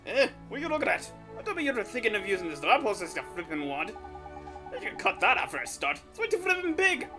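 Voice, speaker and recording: A man's voice: high-pitched, big pitch swings, quick pace, over music. A man voicing a cheeky, brash little male fairy sidekick in a put-on British accent, with bouncy slang-filled delivery. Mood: bossy. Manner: bouncy, sing-song, cocky slang. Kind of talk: voicing game dialogue on a livestream.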